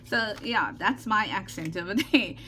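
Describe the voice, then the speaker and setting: A woman's voice: mid-range voice, unhurried, background noise. Chatty South African Indian woman. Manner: chatty, repeats herself, frequent "okay" check-ins. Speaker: craft channel host. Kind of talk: casual craft tutorial.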